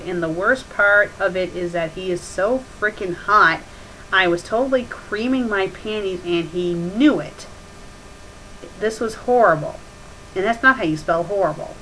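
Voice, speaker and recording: A woman's voice: mid-range voice, sharp tone, slight background noise, rough recording. A woman hosting a comedic review, reading bad fan fiction aloud and mocking it with sarcastic asides.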